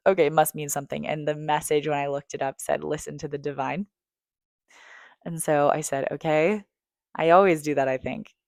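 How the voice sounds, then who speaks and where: A woman with a low voice speaks straight to the listener in a raw, confessional monologue. She swears freely and swings from near-whispers to loud, emphatic bursts. The sound is dry and close, with no room echo. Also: vocal fry. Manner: emphatic and profane, swinging between hushed and loud. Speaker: vlogger.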